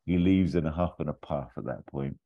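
A man casually pitching a comedic fan script, rambling with hesitations and giggles. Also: brisk, phone-quality sound.

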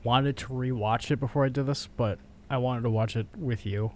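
A man co-hosting a podcast in casual chat, excitable and swearing as he runs down a ranked list. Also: mid-range voice, moderate pace, slight background noise. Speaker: podcast co-host.

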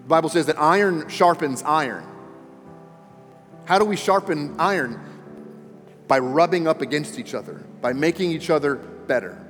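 A man's voice: fairly high pitch, normal speed, long pauses, fairly bright tone. A man preaching a sermon as pastor, speaking earnestly and emphatically, often repeating words for stress. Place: church auditorium. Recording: long reverb in a large hall, faint music.

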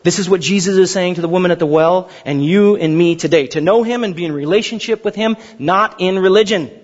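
A man preaching a sermon, animated and storytelling, sometimes acting out characters. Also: high voice, a little fast. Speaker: pastor. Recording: dull sound in a reverberant hall.

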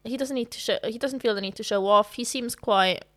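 A woman co-hosting a casual film-discussion podcast, relaxed and agreeable, chiming in with short replies. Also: fairly high pitch, fairly quick. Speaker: podcast co-host.

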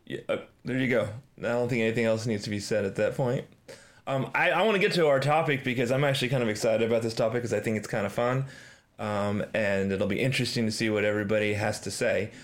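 Low-voiced man hosting with many ums. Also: quick pace. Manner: hesitant, many ums and restarts. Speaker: podcast host. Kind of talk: casual chat.

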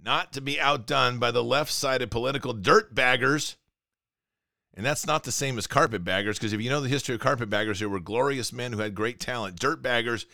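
A man's voice: medium pitch, gravelly, sharp tone, no room sound, clean studio sound. A man hosting a commentary show, ranting indignantly and sarcastically while reading news items aloud.

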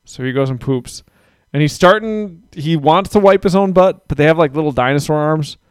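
A man in his thirties co-hosting a podcast, telling a long, profane story about his kids. His voice sits a little high and comes across smooth and clean, recorded close and dry with no room sound. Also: normal speed, no echo. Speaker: podcast co-host; father of young kids. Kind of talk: casual chat.

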